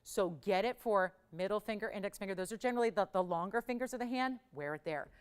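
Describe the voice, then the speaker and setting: A woman hosting a live jewelry shopping show, pitching pieces with enthusiastic, emphatic selling and repeated phrases. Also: quick pace, clean tone.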